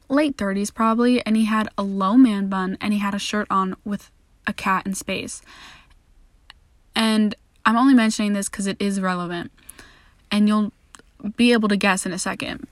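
A woman's voice: medium pitch, no room sound. Candid young woman, dry close voice. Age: young adult. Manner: candid, self-deprecating, sweary, animated quoting. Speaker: podcast host. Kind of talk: casual storytelling monologue.

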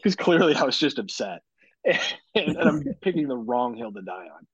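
Husky profane dad telling a story. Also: male voice, mid-range voice, moderate pace, no echo. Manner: profane, animated storytelling with mock-dramatic quotes. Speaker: podcast host. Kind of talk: casual storytelling chat. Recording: dull lo-fi podcast audio.

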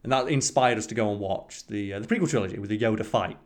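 A man's voice: on the low side, fast talker. A man co-hosting a podcast, chatting casually and rambling with lots of fillers. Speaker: podcast co-host. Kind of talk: casual chat.

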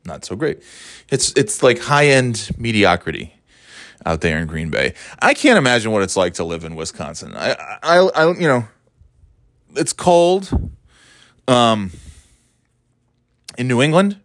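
A man's voice: mid-range voice, sing-song, measured pace, pauses often, a bit bright, no echo, studio quality. A man from the northeastern United States hosting a solo podcast, rambling and ranting with sarcasm and plenty of swearing. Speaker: podcast host. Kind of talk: casual solo podcast monologue.

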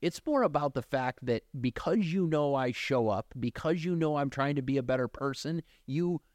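A man hosts a podcast in a casual, conversational way, steering with probing questions. His pitch is average, and the recording is close and dry. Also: animated, normal speed, a little mellow, no room sound. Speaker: podcast host.

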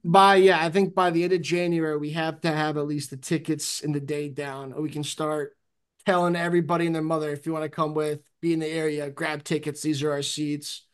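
A man hosting a casual sports podcast, excitable and cursing freely. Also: on the high side, brisk, clean tone. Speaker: podcast host. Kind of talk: casual chat.

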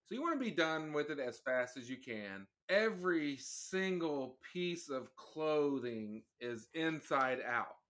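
A man's voice: a little high, lively intonation, measured pace, hardly any pauses, a bit bright. A man guesting on a podcast with his wife, chatting in an easygoing, rambling way and often restarting his sentences. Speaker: podcast guest, co-host's husband. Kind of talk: casual chat.

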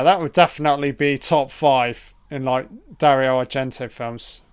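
A man giving a casual, profane running commentary on a film, reacting loudly to what is on screen. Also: medium pitch, smooth.

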